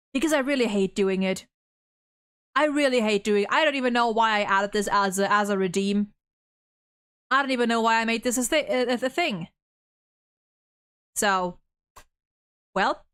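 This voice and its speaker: A woman's voice: fairly high pitch, a bit bright, smooth. A woman streamer chatting casually from her room, rambling with many restarts and stalls. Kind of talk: casual live-stream chat. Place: home room. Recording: game music playing behind.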